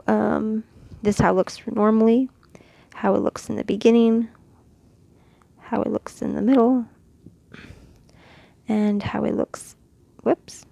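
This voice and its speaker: A woman from Mexico gives a relaxed, patient lesson, stopping often to demonstrate sounds. Her mid-height voice has a slightly gravelly texture. The recording is close and dry, with no room sound. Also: mid-range voice, dry recording. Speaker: Quran reading teacher. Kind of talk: casual instructional lesson.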